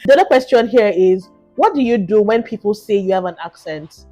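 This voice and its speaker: A Nigerian woman co-hosting a podcast in casual chat, talking quickly and repeating herself as she gets going. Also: mid-range voice, animated, mellow, soft background music. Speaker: podcast co-host.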